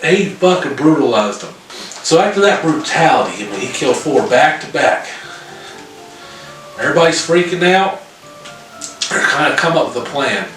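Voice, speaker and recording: A man casually recapping a horror film's plot, profane and animated, with lots of fillers. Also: a little high, normal speed, long pauses. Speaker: podcast co-host reviewing a horror film. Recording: very echoey room, far from mic, music behind.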